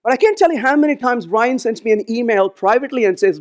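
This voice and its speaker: A man's voice: extremely high pitch, quick pace. A man giving a conference keynote, telling stories and acting out the dialogue in them. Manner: animated, acts out dialogue in his stories. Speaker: keynote speaker. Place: conference stage.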